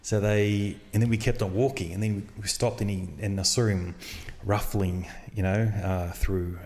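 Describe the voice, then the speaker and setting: Low-voiced man telling stories. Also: normal speed. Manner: animated storyteller acting out dialogue. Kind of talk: casual storytelling chat. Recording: long reverb.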